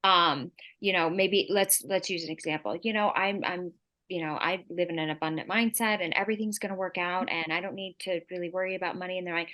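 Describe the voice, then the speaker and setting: A woman's voice: fairly low pitch, steady tone, fairly quick, a bit bright. A woman hosting a podcast, asking her guest questions in a casual, conversational way with frequent fillers. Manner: conversational, with many fillers and repeated words. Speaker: podcast host. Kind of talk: casual interview chat.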